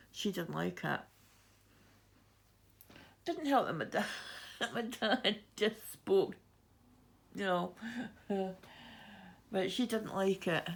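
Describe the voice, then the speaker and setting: A woman's voice: lowish voice, creaky. A woman from Scotland with a Fife accent, chatting as she stitches, telling rambling stories with frequent laughs and restarts. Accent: Fife Scottish. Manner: rambling, laughs often, many fillers and restarts. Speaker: cross-stitch vlogger. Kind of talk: chatty storytelling while stitching.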